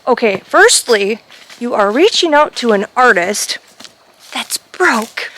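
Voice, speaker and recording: A woman's voice: mid-range voice, animated, measured pace, a bit bright, slight background noise, low-quality recording. A woman vlogging while walking alone in a forest, chatting and joking in a rambling way, a little out of breath. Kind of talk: casual chat while hiking. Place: forest outdoors.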